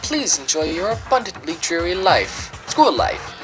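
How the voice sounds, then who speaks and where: A woman's voice: lowish voice, very animated, unhurried, music in the background, voice pushed up. A woman voicing a gleeful, sinister male bear headmaster in a game, mock-cheerful and theatrical.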